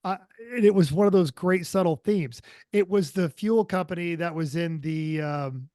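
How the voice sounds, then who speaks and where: A man co-hosting a motoring podcast in a loose, rambling way, stopping often for fillers and little asides. His voice sits a bit high for a man. It sounds close and dry, with no room around it. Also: normal speed, mellow, no room sound. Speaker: podcast co-host. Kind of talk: casual chat.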